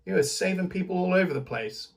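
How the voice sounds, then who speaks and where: A man's voice: high-pitched, lively intonation, fast talker, vocal fry. Chatty British man rambling with laughs. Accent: British English. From Britain. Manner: chatty and rambling, laughs often, restarts sentences. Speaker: vlogger. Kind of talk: casual spoken festival recap.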